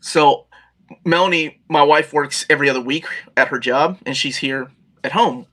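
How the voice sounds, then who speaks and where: A man's voice: fairly high pitch, moderate pace. A middle-aged man co-hosting a casual chat about games, telling stories animatedly. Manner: animated, acts out yelling at friends. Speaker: podcast co-host.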